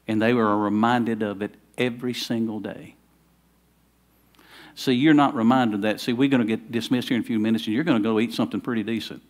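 Pastor preaching with rising fervor. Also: male voice, on the low side, steady tone, a little fast. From Southern United States. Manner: conversational preaching, rising to fervent emphasis. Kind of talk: sermon.

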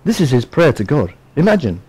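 A man preaching a sermon in an animated storytelling manner, acting out what people say. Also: medium pitch, a little fast, husky, poor audio. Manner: animated, storytelling, acts out voices.

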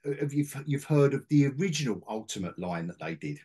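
A man in middle age talks comics in a casual podcast chat, his voice husky with a slightly breathy edge. His pitch moves a lot as he rambles, restarting phrases and tossing in wry asides. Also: big pitch swings, a little fast, mellow. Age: middle-aged. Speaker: podcast host, comic collector.

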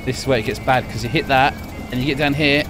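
A young man giving jokey, excitable commentary over his own gameplay, laughing often. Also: medium pitch, fast, music in the background. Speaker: gaming YouTuber.

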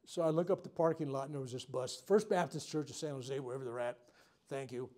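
A man, a reverend leading a self-healing workshop, telling stories to a live group in a frank, unscripted and heartfelt way, with loud outbursts at dramatic moments. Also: medium pitch, fast talker. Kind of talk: storytelling talk to a live group. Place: workshop room with a live audience.

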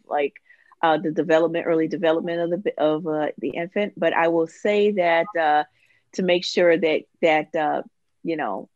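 A woman gynecologist on a panel discussion, talking in a halting way with many restarts and fillers over a video call. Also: low-pitched, no room sound, lo-fi sound. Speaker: obstetrician-gynecologist guest.

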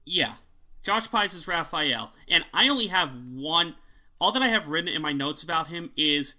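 A man co-hosting a podcast in loose, casual chat. His voice is slightly high and very bright. He rants with strong opinions and swears freely. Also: lively intonation, moderate pace. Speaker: podcast co-host.

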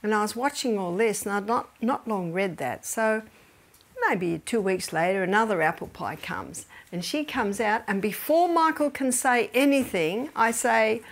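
A middle-aged woman speaking to a seminar audience, mixing health teaching with scripture. Her voice sits at an ordinary pitch. She tells stories with animation and laughter, then sinks to a near-whisper to drive points home. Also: moderate pace. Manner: lively storytelling, laughs often, drops to a soft whisper for emphasis. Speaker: health educator. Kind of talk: seminar talk with Bible teaching.

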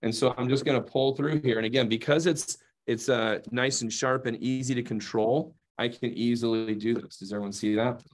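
A man's voice: medium pitch, steady tone, fairly quick, few pauses. A man giving a hands-on cooking demonstration, chatty and playful, often checking in with his audience. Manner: playful asides while demonstrating. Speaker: knife demonstrator.

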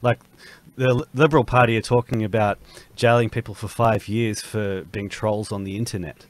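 A man's voice: on the low side, steady tone, normal speed. A man, co-hosting a political panel chat, speaking hesitantly with frequent fillers. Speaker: podcast co-host.

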